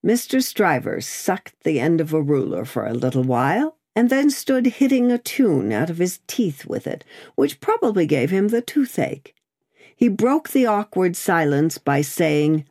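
A woman narrating a classic novel as an audiobook, with expressive, measured storytelling. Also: on the low side.

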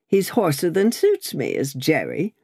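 A woman voicing a gruff, suspicious male coach guard who barks threats and challenges, in an audiobook. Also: low-pitched, wildly swooping pitch, measured pace, warm tone, exaggerated voice. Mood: threatening. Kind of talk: audiobook character voice.

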